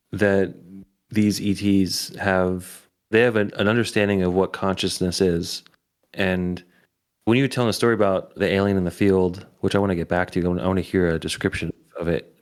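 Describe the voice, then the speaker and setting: A man with a very low voice hosts a relaxed interview. He muses out loud as he asks his questions, and he often restarts a phrase before landing on his point. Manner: reflective, thinks aloud with small restarts. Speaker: podcast host. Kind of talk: conversational interview.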